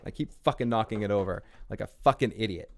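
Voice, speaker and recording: A man's voice: on the low side, fast. A man hosting a casual live review show, rambling and swearing, laughing between points. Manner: rambling, profane, laughs often. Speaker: show host. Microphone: small recorder on the desk.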